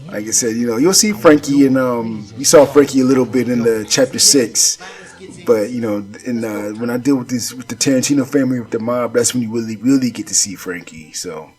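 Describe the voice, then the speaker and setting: A man's voice: mid-range voice, brisk, a little mellow, soft background music. Man, creator commentary from home, loose and rambling, heavy on fillers. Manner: rambling, with many filler phrases and restarts. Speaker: creator commenting on his own stop-motion series. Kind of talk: casual commentary.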